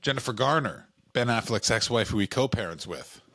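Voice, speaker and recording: A man's voice: mid-range voice, animated, fairly quick, a bit bright, no echo. A man co-hosting a comedy podcast, chatting loosely and joking, often slipping into silly put-on voices. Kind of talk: casual comedic chat.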